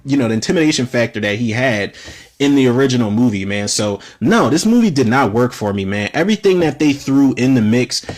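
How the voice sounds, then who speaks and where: A man in his thirties hosting a podcast, casually reviewing films in a profane, animated rant full of fillers. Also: medium pitch. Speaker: podcast host, film reviewer. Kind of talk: casual spoken film review.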